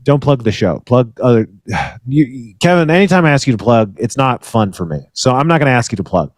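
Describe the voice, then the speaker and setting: A man's voice: medium pitch, sing-song, brisk, no room sound, studio quality. A man co-hosting a podcast in casual chat, rambling and swearing, often restarting his sentences. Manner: rambling, swearing, self-interrupting. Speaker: podcast co-host.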